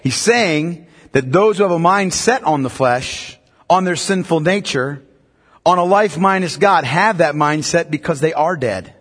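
Husky guy preaching, kinda high voice, lots of long echo like a big church hall. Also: lively intonation, unhurried. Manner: emphatic preaching, rising to loud peaks. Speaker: pastor. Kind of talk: sermon.

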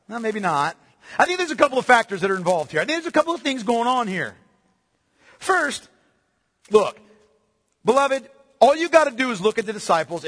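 A man preaching a sermon, animated, calling listeners "beloved" and sometimes dropping to a hush. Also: sits high, slightly rough. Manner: animated preaching, addresses listeners as beloved, drops to hushed tones. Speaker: pastor. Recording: long hall reverb.

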